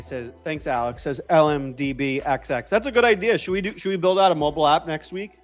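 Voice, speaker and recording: A man's voice: fairly high pitch, fairly quick, hardly any pauses, soft background music. Upbeat man with a New York–Boston accent. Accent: mixed New York and Boston. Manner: upbeat, repeats phrases, answers chat comments. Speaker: livestream host. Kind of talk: casual livestream chat while coding.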